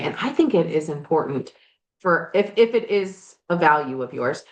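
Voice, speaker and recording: A woman's voice: low-pitched, expressive, moderate pace. A woman life coach and podcast host talking frankly and animatedly, now and then swearing, while working on projects in her garage. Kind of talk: candid motivational chat. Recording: roomy echo.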